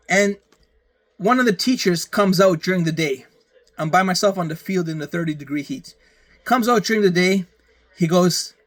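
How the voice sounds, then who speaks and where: A man's voice: high-pitched, normal speed, pauses often, a bit bright. A man from Canada ranting casually to camera, rambling and profane, repeating his phrases over and over. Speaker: vlogger.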